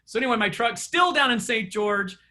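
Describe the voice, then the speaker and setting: A man with a high, bright voice gives a chatty coaching session, spinning stories and laughing often. He speaks to his group of real estate agents over an online meeting. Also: expressive, brisk.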